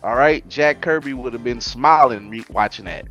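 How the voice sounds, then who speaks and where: A man with a New Orleans accent chatting as a guest on a casual podcast, animated and quick with asides. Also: mid-range voice, soft background music. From Louisiana. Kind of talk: casual chat.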